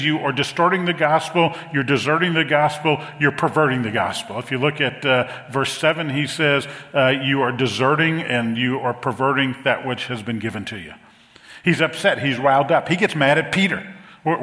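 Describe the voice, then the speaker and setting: A middle-aged man preaching a sermon as pastor, animated and repeating phrases for emphasis. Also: on the high side. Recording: long reverb of a large hall.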